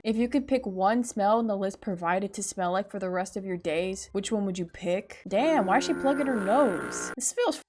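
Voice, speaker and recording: A woman's voice: mid-range voice, moderate pace, hardly any pauses, darkish tone, a little hiss or hum. A young woman in her twenties, a vlogger, chatting casually and sarcastically as she reads quiz questions aloud and mocks them. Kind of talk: casual vlog commentary.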